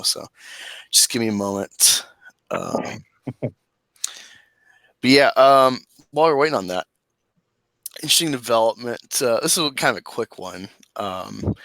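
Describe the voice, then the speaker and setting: A man's voice: mid-range voice, pushed and bright, no room sound, low-quality recording. A man hosting a casual live stream, joking loosely and rambling with plenty of fillers. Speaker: host.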